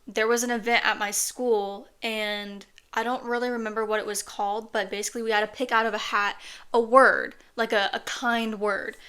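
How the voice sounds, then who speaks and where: A woman's voice: on the high side, pushed and bright, clean tone. Chatty woman telling a personal story. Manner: chatty, many "like" fillers, earnest. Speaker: storytime podcaster.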